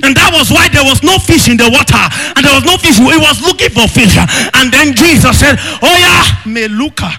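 A man preaching a fervent sermon, shouting in bursts and breaking into tongues. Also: extremely high pitch, expressive, brisk, hardly any pauses. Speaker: pastor. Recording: long reverb with faint music.

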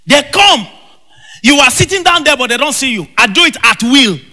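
A man preaching a fervent sermon, shouting in bursts and breaking into tongues. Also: extremely high pitch, big pitch swings, moderate pace. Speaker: pastor. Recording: long reverb with faint music.

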